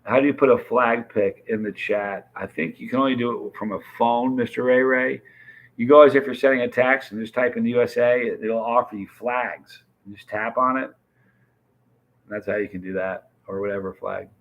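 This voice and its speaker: A man's voice: medium pitch, steady tone, moderate pace, lo-fi sound. A man hosting a live stream, chatting casually and greeting viewers by name as he reads their comments. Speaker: livestream host.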